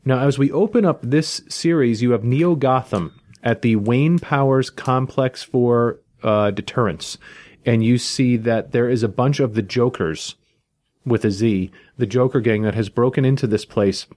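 A man's voice: mid-range voice, a little slow, darkish tone. A man co-hosting a comic book podcast, introducing the next book by listing its creators before summarizing it. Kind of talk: casual comic review chat.

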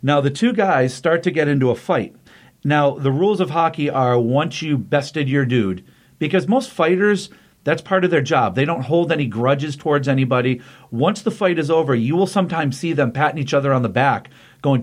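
A man with a higher voice recaps a comic book plot on a casual podcast at a moderate pace, rambling enthusiastically with plenty of fillers.

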